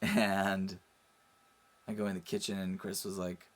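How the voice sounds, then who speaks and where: A man casually telling a story about a friend, animated and laughing, with lots of "like". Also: deep voice, unhurried, long pauses. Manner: animated, laughing, says "like" a lot. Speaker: interviewee, friend of host.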